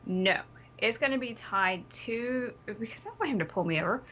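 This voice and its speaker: A woman's voice: a little high, expressive, moderate pace, sharp tone, dull audio, a little hiss or hum. A woman playing a tabletop game, playful and haggling over small details. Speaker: player.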